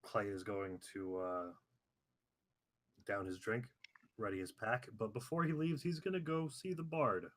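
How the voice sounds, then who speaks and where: A man playing a tabletop game, calmly stating what his character does. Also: lowish voice, unhurried. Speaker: player.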